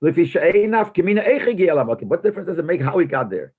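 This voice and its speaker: A man's voice: a little high, very animated, very fast, breathy edge. A rabbi teaching a text-study class. He reads a phrase aloud, then translates and explains it, posing questions as he goes. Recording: tinny phone-like lo-fi recording.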